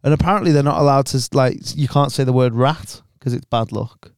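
A man's voice: medium pitch, a little fast, clean tone, dry recording, studio quality. Chatty, sweary man telling a story. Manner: storytelling, sweary, acts out other people's lines. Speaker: podcast co-host. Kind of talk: casual chat.

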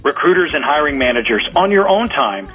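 A man pitching a service in scripted radio ad dialogue, slow and deliberate on key lines. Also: big pitch swings. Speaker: company director in a radio ad. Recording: dull radio audio with faint music.

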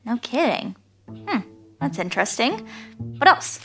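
Uma atriz interpreta uma atriz vaidosa e egocêntrica que narra o seu diário numa comédia em áudio, com voz aguda e muito expressiva. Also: female voice, a little high, sing-song, a little slow, faint music behind. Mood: excitable. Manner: breezy, self-centered diary narration. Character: vain self-absorbed actress keeping a diary. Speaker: narrator and lead character. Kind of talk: comedic audio drama.

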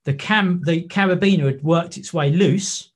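A man's voice: fairly high pitch, normal speed. A man, a wreck diver and photographer, telling stories in a podcast interview. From England. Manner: animated anecdotes with acted-out quotes.

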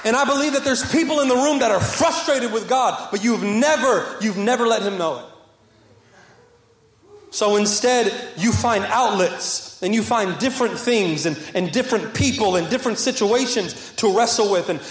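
A young man, a pastor, preaching a passionate sermon to a congregation, repeating phrases and moving between fervent rises and soft, quiet passages. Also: extremely high pitch, reverberant. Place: church sanctuary with congregation.

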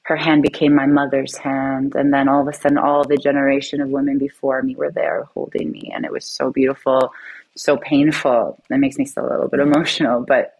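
A woman's voice: rumbling low, little pitch movement, a little fast, darkish tone, poor audio. A woman from Canada, a guest in an interview, telling a personal story in an earnest, reflective way.

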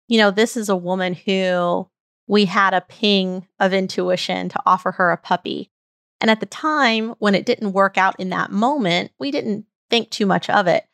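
A woman's voice: medium pitch, fairly bright tone, no echo, clean studio sound. A woman hosting a podcast, telling a personal story in an earnest, heartfelt, reflective way. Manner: earnest, heartfelt, tells stories at length. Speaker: podcast host.

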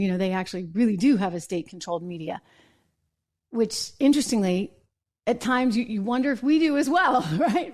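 Woman, talk show host, live political commentary, somewhat high voice, chatty, wry, restarts and asides. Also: a little mellow. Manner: wry, laughs at her own points.

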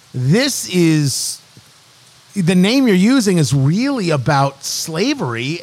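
A man hosting a casual podcast, talking in animated, joking bursts. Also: on the high side. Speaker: podcast host. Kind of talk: casual chat.

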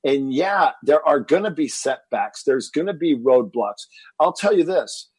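A man in his fifties from Texas, telling a personal story as a guest in an interview, animated and getting louder as he relives the moment. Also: fairly high pitch, a little slow, breathy edge, no room sound, low-quality recording. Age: 50s. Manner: animated storyteller, rises to shouting when reliving anger. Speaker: fitness entrepreneur guest.

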